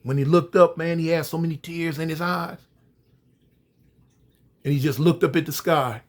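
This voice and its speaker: A man's voice: fairly high pitch, steady tone, normal speed. Casual conversational male storyteller. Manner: conversational, addresses listeners directly.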